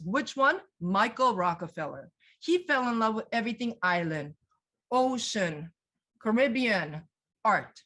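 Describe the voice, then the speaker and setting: Leading an online museum tour live via video call, this woman has a slightly high voice. She keeps things animated, asking the group questions and voicing their replies aloud.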